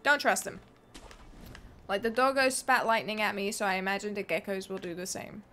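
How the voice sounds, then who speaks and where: A woman's voice: medium pitch, fairly even intonation, moderate pace, sharp tone, soft background music. A woman streaming a game, chatting playfully with viewers and swearing now and then, with an accent between British and American. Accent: mixed British and American. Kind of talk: casual gameplay commentary.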